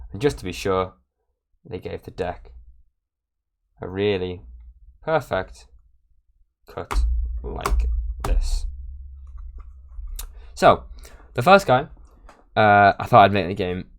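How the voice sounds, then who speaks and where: A man's voice: low-pitched, takes it slowly, gravelly, pauses often. A young man chatting casually as he tells a card-trick story, acting out the voices of the people in it. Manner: chatty, animated, acts out quoted voices.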